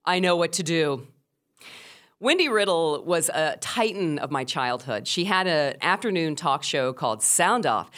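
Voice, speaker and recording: A middle-aged woman, a former radio host, telling a first-person story with animated, emphatic delivery. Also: low voice, a little slow.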